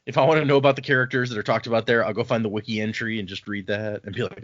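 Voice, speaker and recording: Male co-host, mid pitch, thoughtful and hesitant, dry dull audio. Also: steady tone, very fast, hardly any pauses, a bit bright, no room sound. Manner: thoughtful, reads out notes, hesitant fillers. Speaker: podcast co-host. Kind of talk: casual book-club chat.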